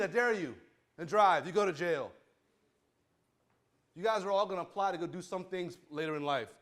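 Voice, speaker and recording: A man's voice: on the high side, a bit bright. A man talking to students in a courtroom as a judge, fiery and preachy, stumbling over his words when he gets worked up. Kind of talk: animated courtroom talk to students.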